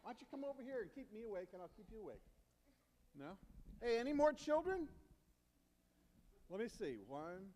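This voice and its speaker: Man, deacon, children's sermon, teasing and coaxing, lively swooping voice, long church reverb. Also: high voice, normal speed, pauses often. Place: church sanctuary. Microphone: handheld or stand microphone.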